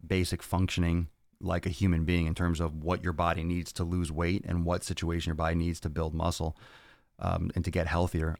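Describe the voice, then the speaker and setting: A man with a very deep, low voice answers fan questions on his fitness podcast. He is blunt and profane and rants at times. The sound is dry and close, with no room around it. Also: no room sound. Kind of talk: casual Q&A answering viewer questions.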